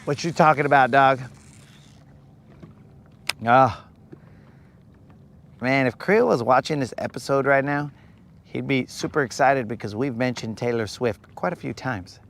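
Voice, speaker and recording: Slow-talking laid-back male fishing streamer. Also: mid-range voice, fairly bright tone, a little hiss or hum. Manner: laid-back, slangy, greets viewers from chat. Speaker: fishing live-stream host. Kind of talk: casual live-stream chat. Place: outdoors on a boat on a lake.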